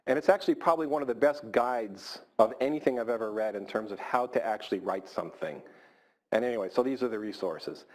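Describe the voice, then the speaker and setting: A man's voice: fairly low pitch, quick pace. A middle-aged man, a surgeon, giving an informal grand rounds lecture in a hall, repeating words for emphasis. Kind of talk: conversational lecture.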